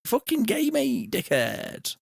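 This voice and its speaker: A man's voice: very high-pitched, huge pitch swings, slow, gravelly, very noisy, voice pushed up, full character voice. A man voicing a crude, rowdy young lad cadging money, with an aggressive, swearing manner.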